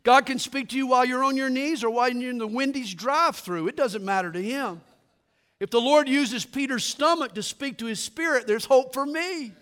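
Pastor preaching w/ funny stories, fairly high voice, gets quiet for punchlines. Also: male voice, moderate pace. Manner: animated storytelling, drops to quiet for punchlines. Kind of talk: sermon with humorous storytelling.

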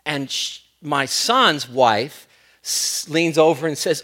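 Man, middle-aged pastor, sermon, emphatic then hushed, storytelling. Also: medium pitch, lively intonation, a little slow. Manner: swings between loud emphatic preaching and hushed storytelling.

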